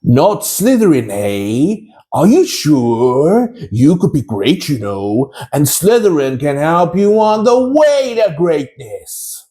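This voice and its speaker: An old magical hat ponders aloud at a crawl, as a man puts on the voice. It dips into near-whispered asides. The tone is mellow and dark. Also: fairly high pitch, big pitch swings. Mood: pondering. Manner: slow, drawn-out musing with hushed asides.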